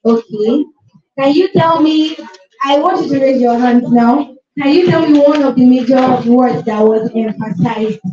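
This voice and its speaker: A woman's voice: sits high, a little slow, dark tone. A woman hosting a school session, urging the students to answer and to clap for the speakers. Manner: prompting, repeating requests. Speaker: session host. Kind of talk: classroom moderation. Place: school classroom. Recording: echoey, dull, faint music.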